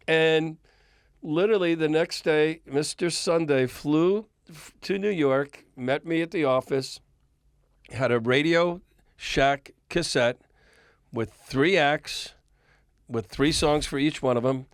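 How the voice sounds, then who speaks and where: A man's voice: a little high, unhurried, clear, resonant tone, no room sound, clean studio sound. An older man, a record executive, telling a long anecdote as a guest in a podcast interview and chuckling often. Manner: animated storyteller, chuckles often.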